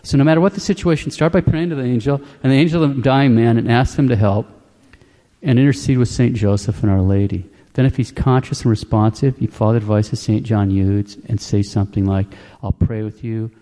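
A man giving a calm, plain-spoken religious teaching, repeating key points for emphasis. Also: medium pitch, fairly quick, long reverb tail. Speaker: Catholic preacher. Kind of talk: instructional religious talk.

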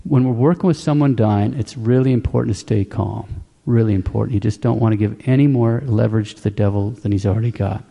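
A man giving a calm, plain-spoken religious teaching, repeating key points for emphasis. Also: on the low side, a little fast, vocal fry, few pauses, in a large hall, lo-fi sound. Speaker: Catholic preacher. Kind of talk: instructional religious talk.

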